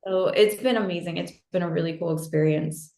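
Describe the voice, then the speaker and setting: A friendly American woman chatting as an interview guest, her low voice slightly gravelly with fry. She talks loosely with lots of fillers, heard over a video call in a roomy, echoey space. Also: fairly quick, mellow. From New Hampshire, USA. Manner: friendly, laughs easily, many fillers like um and like. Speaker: guest, fitness coach. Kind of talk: casual interview chat.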